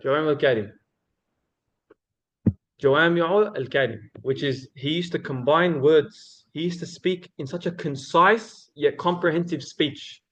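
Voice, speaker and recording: A young man giving an informal talk to a student gathering, lively and addressing the listeners directly with frequent questions. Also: on the high side, unhurried, highs cut off, a little hiss or hum. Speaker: speaker at a student religious circle.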